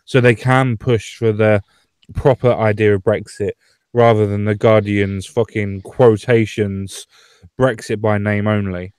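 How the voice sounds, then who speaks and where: A man's voice: on the low side, fairly even intonation, measured pace, darkish tone, clean tone, no echo. A man from Britain hosting a casual political chat online, swearing freely and laughing often. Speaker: podcast host.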